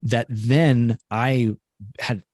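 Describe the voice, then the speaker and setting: A man co-hosts a reflective podcast, speaking in a measured, halting way as he recalls his experiences. His voice sits at an ordinary pitch and sounds dry and close, with no room around it. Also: steady tone, a little mellow, no echo. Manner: measured, halting, frequent affirming murmurs.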